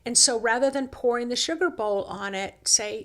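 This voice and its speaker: A woman hosting a reflective self-help talk, coaxing and unhurried, who slips into quoted inner dialogue. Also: on the high side, expressive, a bit bright. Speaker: host.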